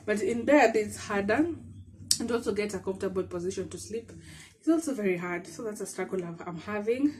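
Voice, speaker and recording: A chatty woman with a Kenyan accent talks casually to her camera at home. She is short of breath and laughs easily, slipping Swahili words into her talk. Her voice sits at a middle pitch for a woman. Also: a little mellow, slight background noise. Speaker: vlogger. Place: bedroom at home.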